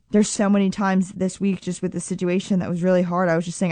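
A woman's voice: lowish voice, flat delivery, fast talker, hardly any pauses, mellow, dry recording. A woman preaching a sermon in an earnest, emphatic way, repeating phrases for stress and reading scripture aloud.

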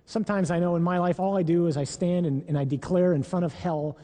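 A man preaching a Catholic sermon in an earnest, emphatic and deliberate way, reading scripture aloud. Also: sits high, steady tone, warm tone, long reverb tail.

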